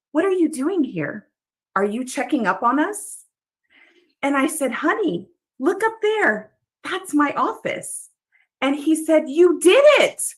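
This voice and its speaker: A woman co-author telling a heartfelt personal story in an earnest, slow manner. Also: on the high side, fairly bright tone. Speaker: co-author guest.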